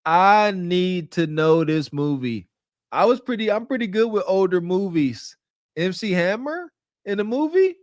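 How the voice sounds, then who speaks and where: A man's voice: high-pitched, sing-song, measured pace, dry recording, studio quality. A man hosting a podcast, giving teasing, incredulous reaction commentary and laughing at what he hears. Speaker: podcast host.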